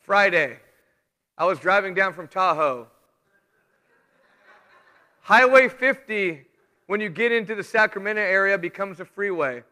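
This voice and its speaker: A middle-aged man giving a church sermon with announcements, talking conversationally and telling stories with animated asides. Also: high voice, measured pace, pauses often. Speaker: preacher. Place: church sanctuary. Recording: reverberant church hall.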